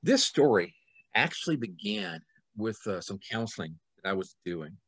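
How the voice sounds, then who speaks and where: Male author guest, middle-aged, animated yarn-spinner, dry close recording. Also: on the low side, normal speed, slightly rough, no echo. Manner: lively, acts out scenes with sudden loud and soft swings. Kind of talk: animated storytelling in conversation.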